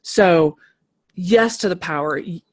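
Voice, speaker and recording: Woman, creative coach, animated live talk, repeats phrases for emphasis. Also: on the low side, takes it slowly. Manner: animated, emphatic, repeats key phrases, reads out viewer comments. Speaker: creative coach leading an online group. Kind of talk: live-streamed motivational talk.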